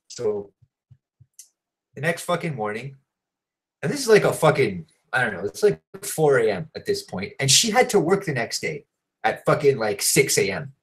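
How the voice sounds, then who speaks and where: Man, casual storyteller, rambling, swears a lot, heavy fillers, mid-pitched. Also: very animated, moderate pace, rough recording. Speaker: show host.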